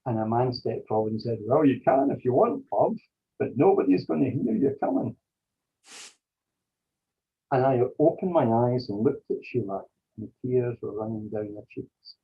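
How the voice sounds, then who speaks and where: A man, an interview guest, telling a personal story slowly and deliberately. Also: medium pitch, gravelly, breathy edge, dull audio.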